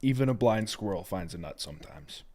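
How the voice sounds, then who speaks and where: A young man co-hosting a casual sports betting podcast, answering ribbing with calm, defensive banter. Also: sits low, brisk. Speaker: podcast co-host.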